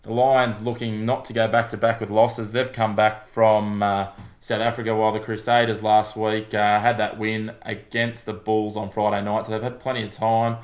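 A man with an Australian accent talks sport in a relaxed, matey way, leaning on fillers and "mate". His voice sits low and stays fairly flat in pitch. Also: normal speed. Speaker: podcast co-host. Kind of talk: casual sports chat.

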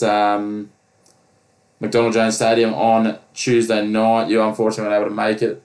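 Male podcast co-host, low and even, rambling with fillers. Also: low-quality recording. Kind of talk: casual sports chat.

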